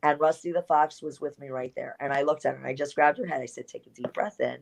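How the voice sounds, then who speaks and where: A woman, a former pro wrestler, telling candid stories in an interview, animated and blunt, with salty language. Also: sits low, fast, vocal fry.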